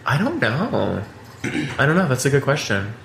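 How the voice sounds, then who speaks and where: A man co-hosting a podcast in casual chat, gushing and quick to laugh. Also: mid-range voice, wildly swooping pitch, creaky, fairly bright tone, echoey room, slight background noise. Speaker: podcast co-host.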